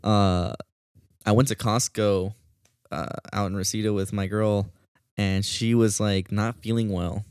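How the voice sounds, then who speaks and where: A man hosting a podcast, telling a story in a casual, animated way and swearing often. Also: on the low side, a little slow, clear, resonant tone, no room sound, clean studio sound. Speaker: podcast host.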